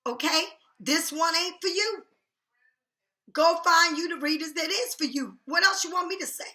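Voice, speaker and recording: A woman's voice: very high voice, moderate pace, bright, forceful tone. A woman tarot reader talking straight to her viewers in a blunt, heated, profane rant. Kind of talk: casual direct-to-camera rant. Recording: echoey room.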